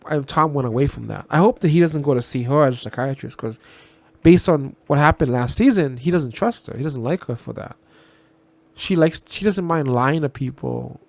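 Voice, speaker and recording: Man, TV reaction host, gravelly, rambling and blunt, dry close sound. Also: on the high side, dry recording. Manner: rambling, restarts and repeats himself, blunt with swearing. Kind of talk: casual spoken TV reaction.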